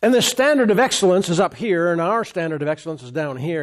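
A man preaches a sermon in a slightly higher-than-usual voice. He reads a scripture story and stops now and then for casual, plain-spoken asides. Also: fast. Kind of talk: sermon, reading scripture and commenting.

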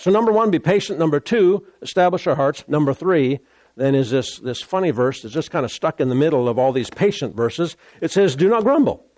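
Male preacher, somewhat high voice, stresses points by repetition, dry close recording. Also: a little mellow, dry recording. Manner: repetitive, emphatic preaching with pauses. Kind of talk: sermon.

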